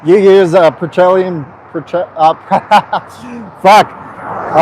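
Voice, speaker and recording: A man's voice: high-pitched, very slow, darkish tone, a little hiss or hum. Young man with a sore, slurring mouth. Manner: rambling, swearing, laughing at himself. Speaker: vlogger. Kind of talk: casual vlog chat.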